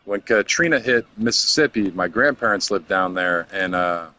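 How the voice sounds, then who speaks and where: A man's voice: low voice, lively intonation, moderate pace, sharp tone, slight background noise. A middle-aged man from Florida telling a story in a casual, rambling way, often stumbling and repeating words.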